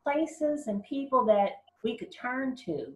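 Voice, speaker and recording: A woman's voice: sits high, animated, slow, dull audio. A woman hosting an interview, affirming and encouraging her guest. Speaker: host. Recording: roomy echo.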